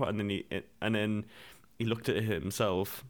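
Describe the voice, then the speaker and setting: A man's voice: on the low side, fairly even intonation, a little fast, hardly any pauses. A young man from England chatting casually, telling a school story with stammering restarts and giggles.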